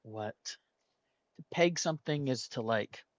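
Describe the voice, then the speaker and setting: A man's voice: medium pitch, animated, measured pace, no room sound, lo-fi sound. A man thinking aloud while solving a word puzzle, hesitating and weighing each option as he goes.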